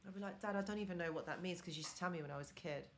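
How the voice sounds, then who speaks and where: A woman's voice: on the low side, racing. A woman with an accent hosting a live stream, talking earnestly and encouragingly straight to her viewers. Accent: non-native accent of English. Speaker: live-stream host and relationship mentor.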